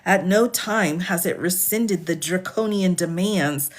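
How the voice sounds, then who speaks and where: A woman's voice: on the low side, animated, unhurried. A woman attorney on a live stream, reading a legal filing aloud and chatting with her viewers, her voice cracking a little. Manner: reads formal text steadily, then chats warmly with viewers. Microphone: phone or desk mic for a live stream.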